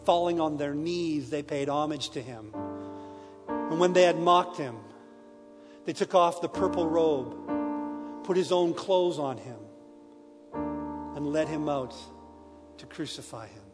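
A man's voice: a little high, slow pace, long pauses. Dramatic male scripture reader, reverberant. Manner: dramatic, swinging from hushed to loud. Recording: long reverb with soft piano.

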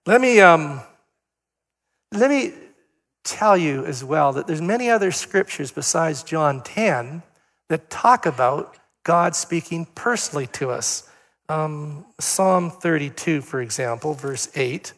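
A man's voice: fairly high pitch, expressive, measured pace, a bit bright. An older man preaching a sermon as pastor, in a conversational, story-telling way with fillers. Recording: long hall reverb.

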